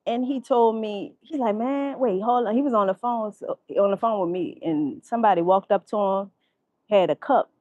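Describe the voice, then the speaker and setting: A woman vlogger, telling a story in profane, animated casual commentary and laughing often. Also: mid-range voice, no room sound, dull audio.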